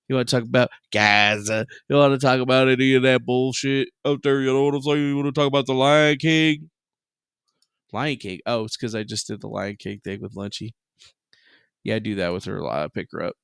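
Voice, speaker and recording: A man's voice: medium pitch, fairly bright tone, clean tone, dry recording, clean studio sound. A male streamer chatting casually on a livestream, rambling, sarcastic and full of profanity.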